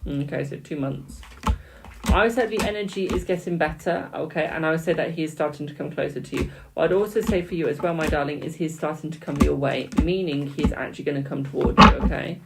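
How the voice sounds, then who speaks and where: Casual chatty guy in his twenties reading cards for viewers, bit of a rasp in the voice, loud typing in the background. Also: fairly high pitch, fast, heavy background noise. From United Kingdom. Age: 20s. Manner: chatty, calls viewers "my darling", laughs and teases. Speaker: tarot reader. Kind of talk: live-stream tarot reading. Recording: loud keyboard clicks and typing.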